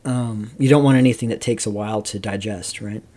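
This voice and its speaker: A man hosting a live stream, rambling casually through commentary, reading chat questions aloud and filling pauses with "um" and "like". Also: lowish voice, steady tone, dark tone. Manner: rambling, reads chat aloud, many fillers. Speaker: streamer host.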